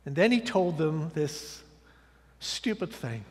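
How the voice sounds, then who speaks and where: High-voiced dramatic male preacher. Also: sing-song, slow pace. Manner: dramatic storytelling, swinging from loud declarations to hushed asides. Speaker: guest preacher. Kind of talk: sermon. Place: church sanctuary. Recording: church hall reverb.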